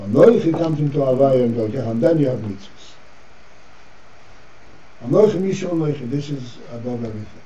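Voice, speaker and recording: A man teaching a Torah class as rabbi, reading phrases slowly and explaining them. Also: on the high side, warm tone, a little hiss or hum. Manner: reads Hebrew phrases slowly, then explains in English. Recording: dull lo-fi class recording.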